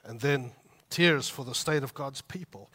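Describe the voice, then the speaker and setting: A man preaching a heartfelt sermon, swinging between loud emphatic peaks and soft, quiet asides in a conversational way. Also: medium pitch, unhurried, husky. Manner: conversational asides with light laughs. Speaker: pastor.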